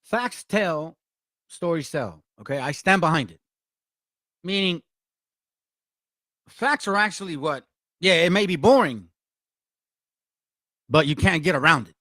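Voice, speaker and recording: A man's voice: fairly high pitch, animated, unhurried, pauses often, a bit bright, no echo, clean studio sound. A man, hosting a blunt, confrontational and profane commentary for viewers. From Mexico. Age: 40s. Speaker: channel host.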